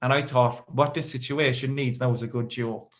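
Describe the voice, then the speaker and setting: Rambling Irish comedian telling a story. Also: male voice, medium pitch, normal speed, a crowd in the background. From Ireland. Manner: rambling, self-deprecating, deadpan asides. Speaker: stand-up comedian. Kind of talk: stand-up storytelling. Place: live comedy show with audience.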